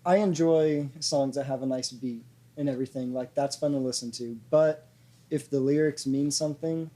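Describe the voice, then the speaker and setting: A man's voice: medium pitch, fairly even intonation, moderate pace, warm tone. A man with an Oklahoma accent, a band member in a casual podcast chat, building his point step by step.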